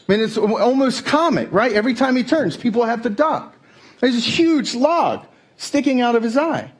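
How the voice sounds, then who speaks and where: High-voiced animated preacher. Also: male voice, husky. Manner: animated storytelling, playful. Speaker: pastor. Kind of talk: sermon. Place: church service.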